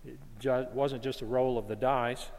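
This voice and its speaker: A man's voice: mid-range voice, steady tone, moderate pace, darkish tone. Man preaching in a reverberant hall. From North Alabama, US. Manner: earnest, repeats words while searching for them. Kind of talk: sermon.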